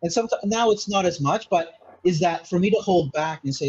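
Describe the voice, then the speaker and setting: A man's voice: high voice, a little fast, darkish tone, slightly rough, dull audio. A man from Malta, a mindset consultant, explaining earnestly in a casual interview, often restarting and saying "you know". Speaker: mindset consultant, podcast guest.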